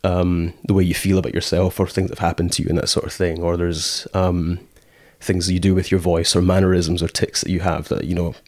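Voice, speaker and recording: A man's voice: sits low, little pitch movement, fairly quick, few pauses, darkish tone, dry recording, studio quality. A Scottish man in casual conversation, rambling with many fillers and acting out quoted thoughts as he tells stories. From Scotland. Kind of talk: casual chat.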